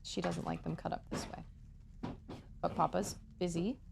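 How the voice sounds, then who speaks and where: Woman, game streamer, thinking aloud, low voice, a little fry. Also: little pitch movement, normal speed, noisy background. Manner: thinking aloud, chatty and self-mocking. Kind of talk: casual gameplay chat.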